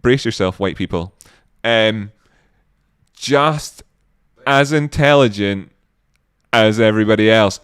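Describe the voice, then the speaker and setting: A man's voice: lowish voice, slow pace, long pauses, smooth, no room sound, clean studio sound. A man hosting a livestream, chatting casually in a rambling, joking way and reading out viewer comments. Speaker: livestream host.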